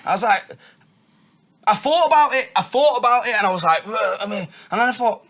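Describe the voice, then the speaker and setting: A man's voice: sits high, fairly quick. A man, a guest rapper telling stories in casual chat, swearing often. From Manchester. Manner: animated storytelling, swears often.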